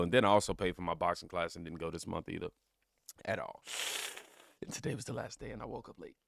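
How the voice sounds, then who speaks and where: Low creaky guy rambling at his viewers, dry close sound. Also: no echo. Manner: rambling, chatty, talks to viewers as "y'all". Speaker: reaction channel host. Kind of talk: casual commentary.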